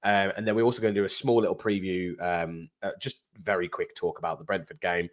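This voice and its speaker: A man's voice: low voice, steady tone, quick pace. An English man co-hosting a football fan channel, upbeat and jokey in casual chat.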